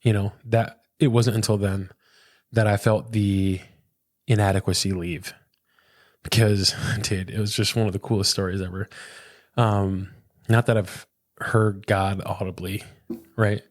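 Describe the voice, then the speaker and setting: An earnest man in his thirties with a lowish voice, talking as a pastor in a relaxed interview. He is recorded close and dry, with almost no room sound. He speaks reflectively and keeps dropping in "man" and "dude". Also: a little slow, long pauses, no echo. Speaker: pastor, podcast guest. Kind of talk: casual conversational interview.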